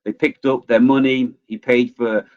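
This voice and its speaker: A man's voice: mid-range voice, moderate pace. Guy in his 40s doing a motivational webinar, chatty storyteller, kinda muffled audio. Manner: chatty, lively, acts out quoted voices. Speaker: webinar presenter. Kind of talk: motivational talk with personal storytelling.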